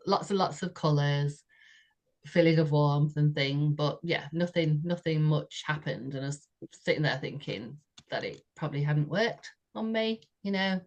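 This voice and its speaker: A woman, a podcast co-host telling a personal story in a chatty way, often laughing and saying "you know". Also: sits low. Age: 60s.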